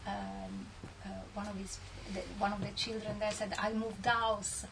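Soft-spoken woman host, distant and noisy. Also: medium pitch, completely flat delivery, normal speed, gravelly. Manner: soft, hesitant, murmurs agreement. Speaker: event host. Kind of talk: moderating a panel discussion. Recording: noisy recording from far from the mic.

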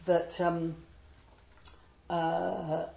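Gravelly woman talking poetry. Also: on the low side, level tone, warm tone, roomy sound, poor audio. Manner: digressive, explanatory, reads verse slowly and deliberately. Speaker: literary translator. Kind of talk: talk on poetry with a verse reading.

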